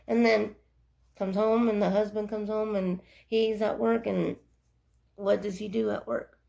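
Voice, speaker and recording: A woman's voice: mid-range voice, fairly even intonation, moderate pace, creaky, warm tone. A young adult woman giving earnest, rambling life advice in a casual monologue. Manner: earnest, preachy, rambling with restarts.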